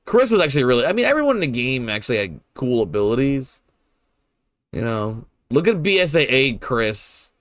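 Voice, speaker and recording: Young male streamer, loose and profane, lively swings in pitch, dry close sound. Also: normal speed, no echo. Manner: rambling, swears freely, laughs often. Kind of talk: casual gameplay commentary.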